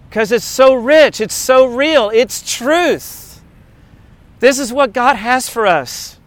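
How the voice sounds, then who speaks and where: A man's voice: extremely high pitch, measured pace, no room sound. A middle-aged male pastor preaching a sermon with energy, breaking into sung worship lyrics and quoting texts from friends. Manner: animated, sings along and speaks lyrics.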